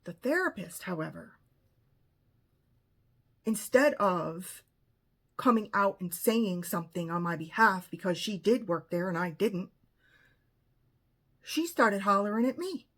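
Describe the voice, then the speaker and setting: A woman's voice: mid-range voice, lively intonation, a little slow, long pauses, fairly bright tone. A woman telling a personal story in an emphatic, indignant way and acting out what was said. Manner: emphatic, indignant retelling with acted-out quotes. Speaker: vlogger.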